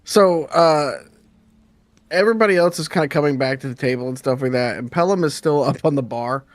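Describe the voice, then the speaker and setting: A man's voice: on the high side, a little fast, dry recording. A man playing a tabletop game, rambling loosely with lots of fillers. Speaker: player. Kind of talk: tabletop role-play.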